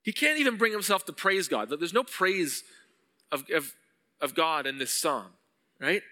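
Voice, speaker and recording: High bright-voiced pastor guy giving a sermon, earnest, sound echoing round a hall. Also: expressive, measured pace. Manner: earnest, builds to pleading intensity when voicing psalm verses.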